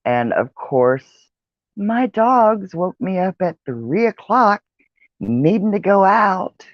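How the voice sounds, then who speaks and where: Tired woman vlogger, slow chatty ramble, dry muffled sound. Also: medium pitch, sing-song, no room sound. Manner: rambling, chatty, with many fillers and yawns. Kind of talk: casual vlog chat. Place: outdoor porch with traffic nearby.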